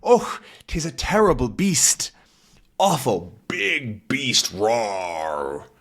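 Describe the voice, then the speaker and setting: A man's voice: mid-range voice, very animated, drawn-out words, a bit bright, heavily acted. A man doing an old Scottish storyteller. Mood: ominous. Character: old Scottish villager telling eerie tales.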